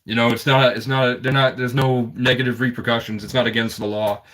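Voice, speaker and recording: A man at a middle pitch tells his story in a rambling, intense flow. His tone is conspiratorial, and he strings clause after clause with fillers. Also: little pitch movement, fairly quick, a bit bright. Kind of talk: casual personal storytelling monologue.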